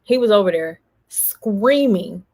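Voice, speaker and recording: A woman vlogger, venting in an animated storytime and quoting others as she goes. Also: mid-range voice, takes it slowly. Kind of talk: casual storytime vlog.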